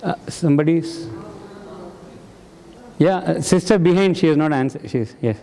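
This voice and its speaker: A man's voice: a little high, normal speed, vocal fry, dark tone. A man leading a spiritual group discussion. He quizzes the audience and repeats their answers back to them. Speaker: satsang discussion leader. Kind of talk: interactive spiritual talk. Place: hall with an audience. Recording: long hall reverb.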